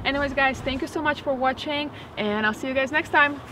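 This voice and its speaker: A woman's voice: high-pitched, fairly quick, recorded from a distance, background noise. Chatty woman vlogger, a bit off-mic. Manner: chatty, repeats "definitely" and "as always". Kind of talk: casual advice vlog.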